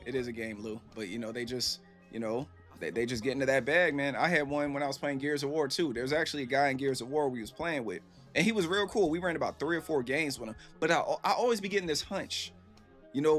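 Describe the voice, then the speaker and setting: A man and gaming streamer telling stories to viewers in a casual, animated, profane way. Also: mid-range voice, a little fast, soft background music. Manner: animated, profane, acts out quoted voices.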